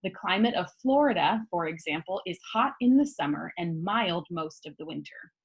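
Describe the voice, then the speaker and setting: A woman's voice: on the low side, lively intonation, moderate pace, breathy edge, dull audio. A young woman, a grade school teacher, giving a remote lesson to young students in an upbeat, patient way, explaining step by step.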